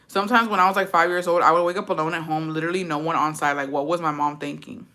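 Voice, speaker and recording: Her low voice rings bright as this woman vlogger moves through viewer comments at a quick pace with hardly any pauses, reacting to each. She tells animated stories bluntly, full of slang and free swearing.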